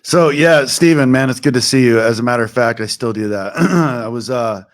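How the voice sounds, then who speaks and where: A man's voice: medium pitch, moderate pace. A man, the show's host, talking casually and emphatically, with some rambling. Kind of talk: casual chat.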